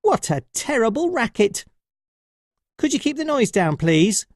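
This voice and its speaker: A man voicing a tiny, bold and stubborn male mouse in a squeaky voice. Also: big pitch swings, a little slow, no room sound, clean studio sound, exaggerated voice. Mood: indignant.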